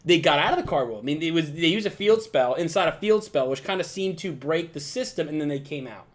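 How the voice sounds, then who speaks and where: A man with a notably high voice rambles through his thoughts as a podcast cohost. He restarts often and gets excited as he talks. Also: brisk. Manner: rambling, filler-heavy, excitable retelling. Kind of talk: casual podcast discussion.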